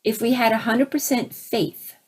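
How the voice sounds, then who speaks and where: A woman telling a personal spiritual story in a casual, animated way, imitating sounds and voices and restarting her phrases. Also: a little high, normal speed, breathy edge. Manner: frequent restarts, laughs between phrases. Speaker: spiritual speaker.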